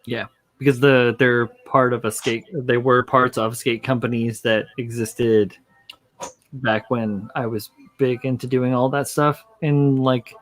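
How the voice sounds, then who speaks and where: A man's voice: medium pitch, flat delivery, a little slow, no echo, rough recording. A man chatting casually with friends, rambling, repeating himself and laughing often. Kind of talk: casual chat among friends.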